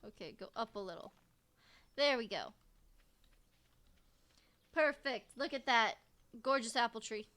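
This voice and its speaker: Woman game streamer, high voice, crisp bright tone, faint music behind. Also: expressive, a little slow, long pauses. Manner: chatty, reads character lines aloud, jokey. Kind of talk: casual gameplay commentary.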